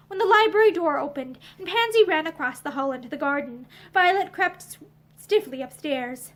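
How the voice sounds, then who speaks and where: High-voiced lady reading an old novel out loud, measured and expressive, sitting among bookshelves. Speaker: narrator. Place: indoor room with bookshelves.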